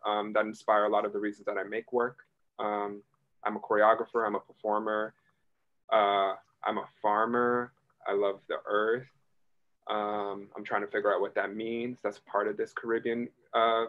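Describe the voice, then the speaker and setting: A person from Queens, New York introducing themselves on an online artist panel, thoughtful and halting with many fillers. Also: lowish voice. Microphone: video call. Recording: dull lo-fi video call audio.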